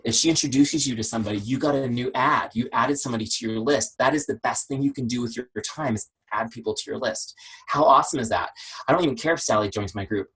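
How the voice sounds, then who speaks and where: A man leading a team training call on a video call, energetic and conversational, peppering his talk with rhetorical questions. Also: mid-range voice, breathy edge, rough recording. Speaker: network marketing trainer. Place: home office shed.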